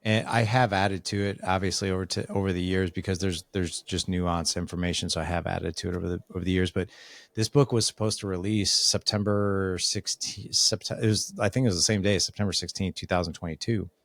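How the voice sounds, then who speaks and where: A man's voice: sits low, brisk, dry recording. A man talking as a podcast guest, telling a story casually and acting out the lines of people in it. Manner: animated storyteller acting out quoted dialogue.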